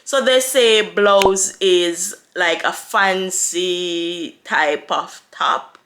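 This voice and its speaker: Young Jamaican woman, bright and slightly low voice, casual on-camera Q&A, chatty with frequent laughs. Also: slight background noise. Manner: chatty, laughs often, quick with playful asides. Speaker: vlogger. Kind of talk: casual Q&A vlog.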